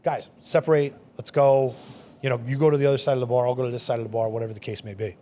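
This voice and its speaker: A man who manages a bar, telling stories in a casual interview, quick and animated with many fillers. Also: medium pitch. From Long Island, New York. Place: podcast studio.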